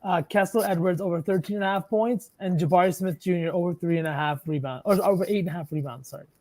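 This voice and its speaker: A man's voice: high voice, quick pace, darkish tone. A man co-hosting a sports betting podcast, chatting loosely and swearing freely as he thinks aloud. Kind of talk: casual chat.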